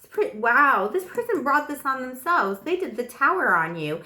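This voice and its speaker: A woman doing a casual tarot reading, chatty and affectionate with many pet names, her voice hoarse and broken by a dry cough after the flu. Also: high-pitched, big pitch swings, normal speed, bright, forceful tone, echoey room. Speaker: tarot reader.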